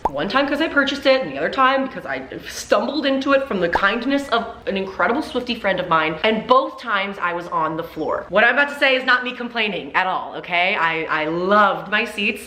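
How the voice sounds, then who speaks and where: A young woman vlogger telling an animated, chatty story full of fillers in a sit-down video. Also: mid-range voice, echoey room. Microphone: camera mic in sit-down video.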